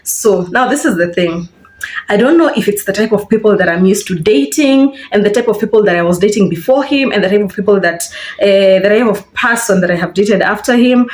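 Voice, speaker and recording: A woman's voice: medium pitch, reverberant. A young woman with a Kenyan accent telling a casual storytime while getting ready, talking chattily and acting out what people said. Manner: chatty, animated, acts out quoted lines with laughter. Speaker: vlogger. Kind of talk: casual storytime while doing her hair.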